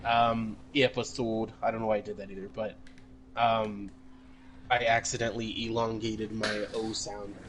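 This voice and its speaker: A man's voice: lowish voice, level tone, normal speed, background noise. A man co-hosting a casual podcast chat, talking in a mocking, profane, rambling way with lots of fillers. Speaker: podcast co-host.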